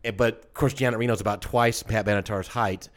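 A man's voice: on the low side, steady tone, a little fast. Rambling man telling a dream. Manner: rambling storyteller with restarts. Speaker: podcast co-host. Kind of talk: casual chat, recounting a dream.

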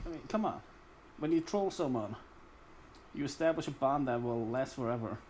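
A man co-hosting a podcast, cracking profane jokes and reacting with animated banter. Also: mid-range voice, moderate pace, slight background noise. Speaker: podcast co-host. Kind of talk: casual comedic chat.

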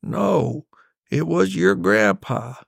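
A man voicing his old father, who tells a boyhood tale in a slow, drawn-out, teasing way. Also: mid-range voice, big pitch swings, creaky, husky, dry recording, studio quality, full character voice. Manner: slow, drawn-out, savoring delivery.

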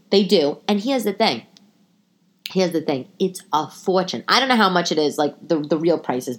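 A middle-aged woman hosting a podcast, telling a long story in a chatty, animated way with lots of restarts. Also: fairly low pitch. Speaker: podcast host. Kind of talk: casual storytelling monologue.

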